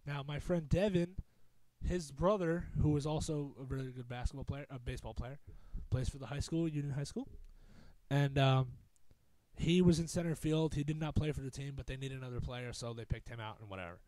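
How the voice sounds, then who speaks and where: A man's voice: medium pitch, fairly quick, mellow, no room sound. A young man hosting a podcast, telling a long rambling story in a casual, profane, self-mocking way. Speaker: podcast host.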